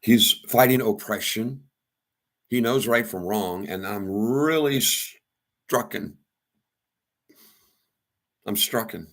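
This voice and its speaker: A man telling a rambling personal story, halting and repeating himself as he goes. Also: fairly low pitch, vocal fry. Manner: halting, repeats and restarts words.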